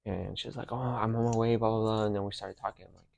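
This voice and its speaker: A man's voice: fairly low pitch, steady tone, fast, vocal fry, a little mellow. A young man hosting a podcast, telling personal stories in a casual, slangy way. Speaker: podcast host.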